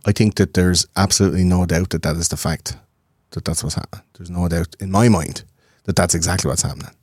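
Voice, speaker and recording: A man in his thirties, a podcast guest, talking in a rambling, profane, animated way. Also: low-pitched, fast, slightly rough, no echo, clean studio sound. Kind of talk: casual conversation.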